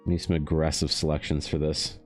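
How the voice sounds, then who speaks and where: A man streaming while he paints, chatting casually in a rambling, profane way, his pitch leaping up now and then. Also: flat delivery, fairly quick, faint music behind. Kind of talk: casual livestream chat.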